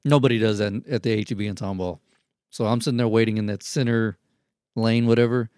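A man's voice: on the low side, steady tone, quick pace, darkish tone, smooth, dry recording, studio quality. A man telling a wild story in casual, profane podcast chat, acting out the quotes. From Houston, Texas.

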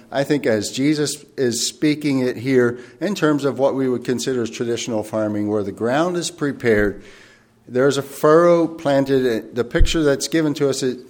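Male preacher, mid-pitched voice, earnest and reflective, reads verses slowly and formally. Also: darkish tone. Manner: thoughtful and earnest, often pausing and rephrasing. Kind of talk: sermon.

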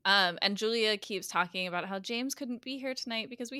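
A woman's voice: medium pitch, brisk, clean tone, dry recording, clean studio sound. A woman co-hosting a podcast, animatedly recapping a TV episode in casual chat, laughing and swearing freely. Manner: animated storyteller, acts out characters' lines, laughs often, swears casually. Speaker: guest co-host recapping a TV episode.

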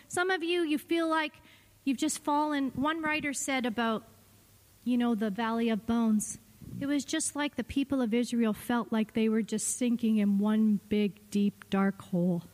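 A middle-aged woman pastor preaching an impassioned sermon, her voice dropping to hushed tones and then rising high. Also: steady tone, a little slow. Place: church sanctuary. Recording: long reverb of a church hall.

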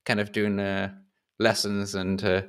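A man's voice: lowish voice, monotone, measured pace, fairly bright tone, clear, resonant tone. A man from the North of England with a Northern English accent, hosting a casual podcast chat in a rambling, chatty way. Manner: chatty, rambling, restarts often. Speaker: podcast host.

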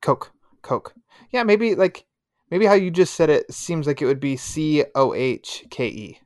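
A man speaking as a podcast guest in relaxed, friendly casual chat. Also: fairly high pitch, normal speed, no echo, studio quality.

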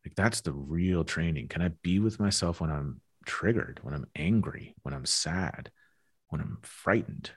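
A man's voice: rumbling low, expressive, unhurried, slightly rough. A young adult man talking frankly and reflectively in a podcast conversation, swearing casually as he goes. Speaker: guest.

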